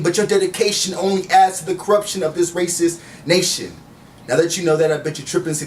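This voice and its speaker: Male poet: rhythmic spoken word, higher voice, recorded from across the room with faint noise. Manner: rhythmic declamation, drops low and soft in chat. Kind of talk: spoken word performance and casual chat. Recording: distant mic with faint background noise.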